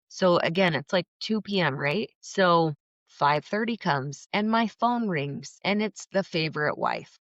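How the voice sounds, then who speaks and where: A woman's voice: fairly low pitch, dry recording. Give me a woman telling a personal story with lots of emotion, in a dull, dry-sounding recording. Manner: animated, emotional retelling with acted-out quotes. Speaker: podcast guest.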